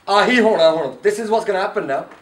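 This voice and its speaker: A man voicing a boastful dark-age spirit, echoey and distant. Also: sits high, expressive, quick pace. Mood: menacing. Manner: boastful, threatening. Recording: echoey room, far from the mic.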